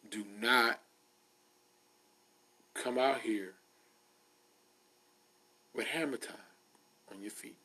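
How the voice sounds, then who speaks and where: A man hosting his podcast, ranting loudly and emphatically in a casual comedic way, repeating himself for effect. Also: medium pitch, extremely slow, pauses often, breathy edge. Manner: loud, emphatic, repetitive. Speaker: podcast host.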